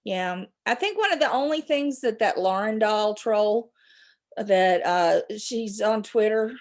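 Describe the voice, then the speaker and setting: A woman's voice: mid-range voice, expressive, a little slow. A middle-aged woman, hosting a rambling live chat with her viewers and laughing often. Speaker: livestream host.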